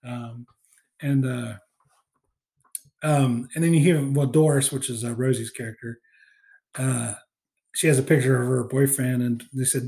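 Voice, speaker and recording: A man's voice: mid-range voice, fairly even intonation, a little slow, gravelly, pauses often, warm tone. Rambling man recapping a movie. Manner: rambling, many fillers, acts out quoted lines. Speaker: podcast co-host. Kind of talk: casual chat recapping a movie.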